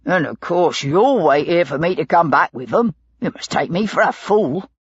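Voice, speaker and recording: Woman voicing a gruff brute. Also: on the low side, expressive, moderate pace, no room sound, lo-fi sound. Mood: savage. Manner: rough, belligerent, coarse slang. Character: burly gruff male London lodging-house man.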